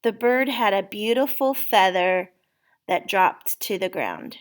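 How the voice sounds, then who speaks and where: Very slow-speaking woman teaching spelling. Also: mid-range voice. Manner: slow, patient, sounding out words. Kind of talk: spelling lesson for a child.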